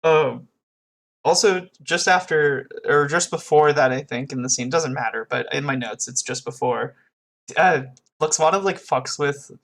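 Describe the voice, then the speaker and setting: A podcast co-host in casual chat who retells scenes in an animated way and acts out the quotes. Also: mid-range voice, measured pace, gravelly.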